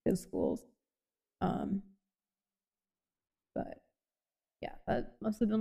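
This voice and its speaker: A woman interviewing a guest in a casual, chatty way, full of fillers and quick laughs. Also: medium pitch, expressive, creaky, slightly rough, muffled recording. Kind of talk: casual conversation. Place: lives on the US East Coast.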